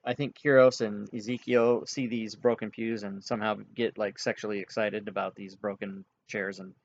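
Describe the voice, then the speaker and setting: A man narrating as game master of a tabletop game, halting and full of fillers. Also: fairly low pitch, flat delivery, muffled recording. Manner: halting, filler-heavy, chuckles at players.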